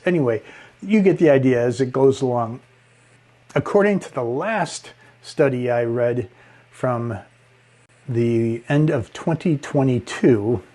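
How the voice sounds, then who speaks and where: Man, speaking coach, slow deliberate delivery, expressive pitch and volume swings, relaxing tone, frequent chuckles. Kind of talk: instructional talk on speaking.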